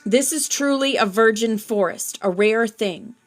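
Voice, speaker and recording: A woman's voice: on the high side, measured pace, soft background music, close to an everyday voice. Friendly, fit middle-aged male researcher read by a woman, plain reading. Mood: earnest. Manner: plain reading, hardly changed from her narration.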